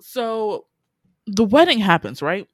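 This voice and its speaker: A woman, casually recapping a TV series in animated, exasperated storytelling. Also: medium pitch, takes it slowly, dry recording. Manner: animated, swearing, exasperated storytelling with quoted reactions.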